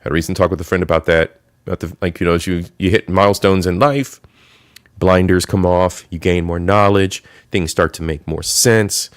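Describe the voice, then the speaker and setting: A man's voice: deep voice, fairly even intonation, moderate pace, no echo, studio quality. Chatty man hosting a live stream. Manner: chatty, greets viewers by name. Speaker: stream host. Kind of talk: casual live-stream reaction chat.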